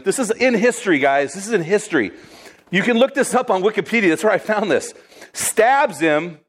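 Male preacher, conversational, lively storytelling, slightly high voice. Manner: lively, conversational, addresses listeners as guys. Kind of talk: sermon storytelling.

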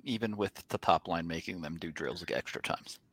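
A man's voice: sits low, moderate pace, a bit bright, no echo. A man hosting a sports podcast in casual chat, laid-back and wry, steering the conversation. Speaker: podcast host.

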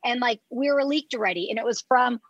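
Brief: woman guest, fairly high voice, dry close sound, animated storyteller full of "like" fillers, swears freely. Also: fast talker, no echo, lo-fi sound. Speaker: reality TV show producer, podcast guest. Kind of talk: casual chat.

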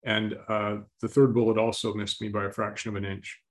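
A man telling a story as an interview guest, speaking slowly and calmly and clearing his throat often. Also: lowish voice.

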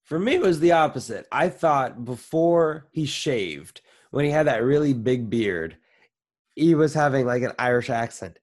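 A man's voice: medium pitch, lively intonation, moderate pace. A man chatting casually about a film, joking around and cutting in on his co-host. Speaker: podcast co-host. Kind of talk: casual movie review chat.

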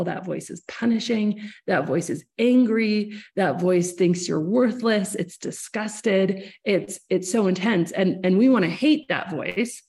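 A woman's voice: medium pitch, creaky, mellow. A woman hosting a podcast, explaining ideas earnestly at length, with many restarts. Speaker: podcast host. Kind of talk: casual interview chat.

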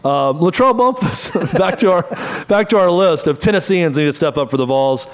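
A man's voice: fairly high pitch, expressive. Brief: male sports talk host, middle-aged, runs through stats in clipped bursts. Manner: brisk, rattles off stats in short bursts. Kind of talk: college football analysis.

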